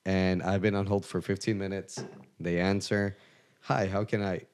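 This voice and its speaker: A man with a remarkably deep voice hosts a casual podcast conversation. He talks candidly and openly, in a confessional way, and laughs easily between his stories. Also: level tone, normal speed, darkish tone, smooth. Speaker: podcast host.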